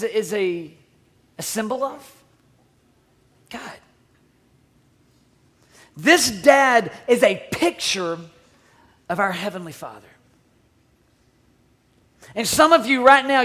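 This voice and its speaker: A man preaching a sermon, swinging between loud urging and hushed near-whispers, often repeating words as he restarts phrases. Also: very high voice. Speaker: pastor.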